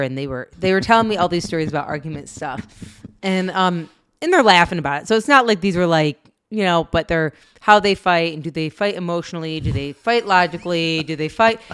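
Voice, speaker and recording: A woman's voice: fairly low pitch, smooth. A middle-aged woman co-hosting a parenting podcast, telling family stories in a chatty way with frequent laughs. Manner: chatty storytelling, laughs often, frequent "you know". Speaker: podcast co-host. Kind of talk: casual chat.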